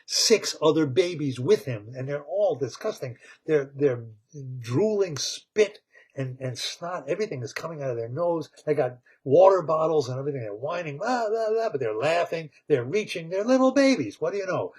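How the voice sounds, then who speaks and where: A man retelling a cartoon story in a rambling, animated way, laughing as he goes. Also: fairly high pitch, slightly rough. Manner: rambling, animated, laughs at his own tale.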